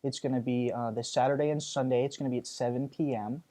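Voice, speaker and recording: A man's voice: mid-range voice, steady tone, fast, warm tone. Earnest young man with many ums. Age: young adult. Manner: earnest, lots of ums and you-knows. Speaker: stage actor. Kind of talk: casual interview.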